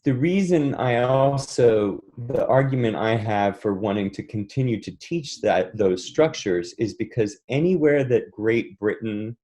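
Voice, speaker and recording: A man from the United States, a voice and speech coach, explaining pronunciation in a relaxed interview and demonstrating vowel sounds. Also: fairly low pitch, a little slow, few pauses. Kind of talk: conversational interview answer.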